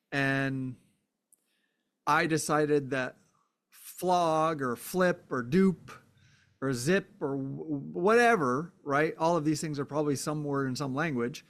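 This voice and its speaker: A man's voice: fairly high pitch, normal speed, fairly bright tone. A man hosting a podcast, thinking aloud through a philosophical monologue with fillers and frequent "right?" checks. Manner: acts out short exclamations. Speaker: podcast host.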